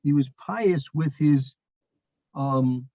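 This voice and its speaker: A man's voice: a little high, very slow, dark tone, no room sound. Storytelling man with a dull, dry sound. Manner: storytelling, repeats phrases, many fillers and restarts. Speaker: Torah teacher. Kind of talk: weekly Torah portion lecture.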